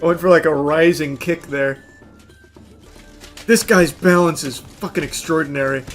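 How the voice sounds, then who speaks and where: A man doing let's play commentary, shouting and swearing at the game and then dropping to low, dry asides. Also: fairly even intonation, normal speed, soft background music. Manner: drops to low, dry asides between outbursts. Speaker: gaming streamer.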